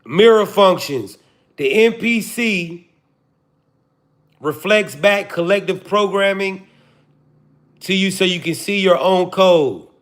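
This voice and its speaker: A man's voice: high-pitched, slow pace, pauses often. A man, hosting a livestream and joking profanely to his chat before preaching his point. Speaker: livestream host. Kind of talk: casual livestream talk to chat.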